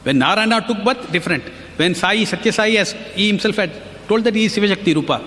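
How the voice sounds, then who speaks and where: A man's voice: high voice, animated, fast talker, a bit bright, long reverb tail, slight background noise. A man giving an earnest devotional talk, telling anecdotes and quoting others as he goes. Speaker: devotional speaker.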